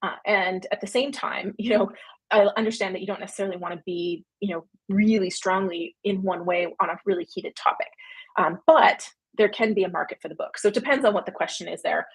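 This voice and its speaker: A Canadian woman talks through viewer questions on a casual livestream, her voice slightly husky. She rambles warmly into tangents, filling pauses with ums and quick laughs. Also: mid-range voice. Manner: chatty and rambling, frequent fillers and laughs. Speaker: publishing company founder hosting a livestream.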